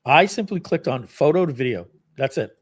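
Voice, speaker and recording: Husky-voiced man hosting a rambling live demo. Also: on the high side, animated, a little fast. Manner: rambling, self-deprecating, many fillers. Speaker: host of a live product launch stream. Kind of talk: casual live software demo.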